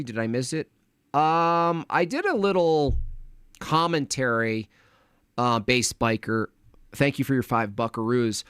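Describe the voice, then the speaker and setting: A man hosts a casual livestream, thanking donors and wandering between topics as he mutters to himself. His voice sits at an ordinary middle pitch. The sound is dry and close, with no echo. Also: a bit bright. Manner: rambling, distracted, mutters to himself. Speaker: livestream host reading chat donations.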